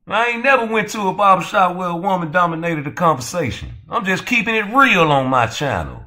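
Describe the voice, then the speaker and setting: Man, channel host, heated profane rant, mocking, bright tense tone. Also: on the high side, very animated, brisk. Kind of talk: heated roast commentary.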